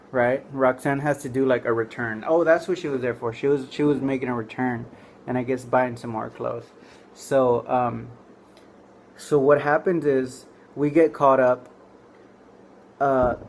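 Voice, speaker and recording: A man telling a comic story to camera, rambling and full of "like" and "you know". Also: medium pitch. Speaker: comedian storyteller.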